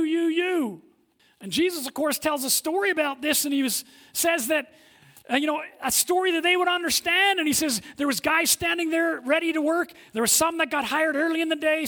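A male pastor preaching a sermon with lively energy, swinging between loud emphasis and hushed moments, acting out quoted voices. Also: extremely high pitch. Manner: acts out quoted voices of listeners and God.

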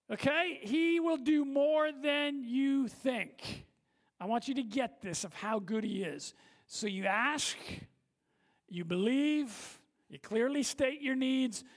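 A woman pastor giving a sermon in a conversational, emphatic way, often checking in with her listeners. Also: high-pitched. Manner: conversational, emphatic preaching with frequent "okay?" check-ins.

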